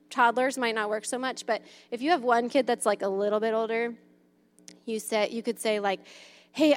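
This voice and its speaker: This is a bright, rather high-pitched woman in her thirties, a mom talking loosely about raising kids and playtime. Her advice comes peppered with fillers like "um" and "like," and she puts on little kid voices to act things out.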